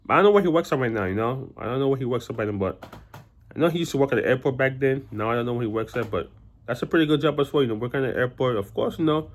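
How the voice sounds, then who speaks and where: A young man talking straight to his audience in a loose, rambling vlog. He rattles along at a quick clip, circling back with restarts and filler words. His voice sits at an ordinary middle pitch. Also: animated. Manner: rambling, many restarts and "you know" fillers. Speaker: vlogger. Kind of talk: casual personal storytelling to camera.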